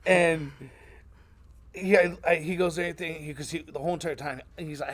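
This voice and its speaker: A man's voice: fairly high pitch, normal speed. A man streamer telling a gaming story in casual chat, acting out the voices of the people in it. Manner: animated, acts out voices in his stories. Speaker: streamer and interviewer.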